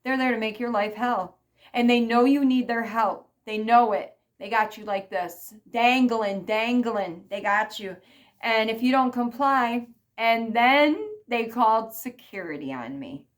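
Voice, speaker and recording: A woman's voice: a little high, measured pace. Emphatic ranting woman vlogger. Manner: emphatic and repetitive, frequent "okay?". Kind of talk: ranting vlog monologue.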